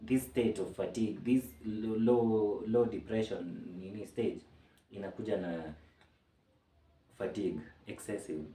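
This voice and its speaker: A man's voice: on the low side, darkish tone, recorded from a distance. A man explaining a topic in a casual, chatty way, with jokey asides. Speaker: mental health explainer. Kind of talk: casual educational talk. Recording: roomy sound from off-mic.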